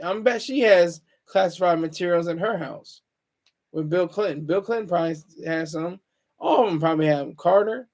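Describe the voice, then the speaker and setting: A man with a fairly high voice hosts his own stream and talks without a script. He wanders from point to point, stops to fix his own words and stumbles over his sentences, stating his opinions bluntly. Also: darkish tone. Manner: rambling, self-correcting, opinionated. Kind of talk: casual solo livestream monologue.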